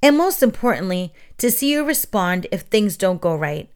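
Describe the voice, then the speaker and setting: A woman voicing a very old elder witch who speaks gently but firmly. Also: mid-range voice, big pitch swings, normal speed, clean tone, natural voice. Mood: firm, kindly.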